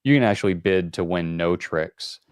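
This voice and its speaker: A man's voice: deep voice, normal speed, smooth, no room sound, clean studio sound. A man hosting a board game call-in show, explaining rules in a rambling, casual way with many fillers.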